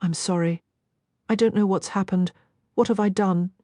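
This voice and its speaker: A woman's voice: medium pitch, fairly even intonation, moderate pace, dark tone, dry recording, close to an everyday voice. A woman voicing a bewildered young woman whose voice wavers and catches, breathless and close to tears. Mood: frantic.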